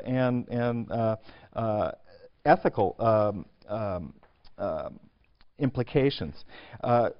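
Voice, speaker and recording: A man giving a university lecture on poetry, often hesitating with filler sounds, clearing his throat and restarting his sentences. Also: mid-range voice. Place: lecture hall. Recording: dull lo-fi lecture recording.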